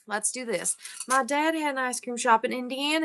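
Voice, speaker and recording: A middle-aged woman from upstate New York hosts a live online sale, chatting fast and nonstop with her viewers. Her voice sits a little high and sounds bright and forceful. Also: a little hiss or hum. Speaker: online auction seller. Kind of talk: live-stream selling chat.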